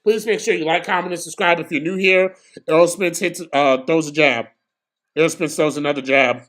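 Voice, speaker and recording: A young man giving casual, slangy live commentary on a boxing match for his stream, excitable and prone to bursts of shouting. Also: on the high side, fairly quick.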